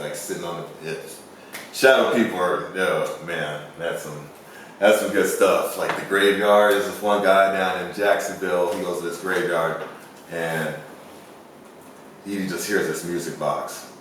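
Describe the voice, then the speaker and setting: A man's voice: low voice, fairly even intonation, normal speed, a bit bright. A man in a casual chat, rambling through stories and acting out quotes. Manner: rambling storyteller, acts out quotes. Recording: echoey room, far from the mic, faint hiss.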